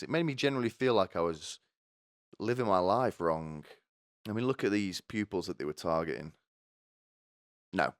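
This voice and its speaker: A man's voice: low voice, animated, moderate pace, long pauses, dry recording, clean studio sound. A young man giving sarcastic, rambling comedy commentary, swearing often.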